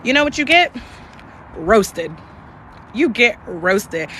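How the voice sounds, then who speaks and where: A woman's voice: fairly high pitch, very animated, takes it slowly, long pauses, a little hiss or hum. A young woman hosting a live stream, talking candidly and passionately with plenty of profanity. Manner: candid and profane, emphatic, shifts between passion and softness. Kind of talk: casual live-stream talk.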